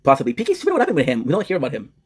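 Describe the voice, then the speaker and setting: A man's voice: fairly high pitch, huge pitch swings, racing, slightly rough. A young man streaming, joking crudely and rambling as he switches between English and French. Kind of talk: casual joking chat.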